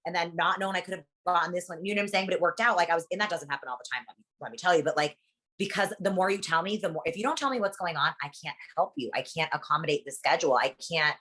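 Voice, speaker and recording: A woman with a somewhat low voice talks at a brisk clip in a casual interview. She is blunt and animated and swears freely. She keeps checking in with her listener as she goes. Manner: rapid, animated, peppered with "like" and "you know what I'm saying". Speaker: surgery practice patient coordinator.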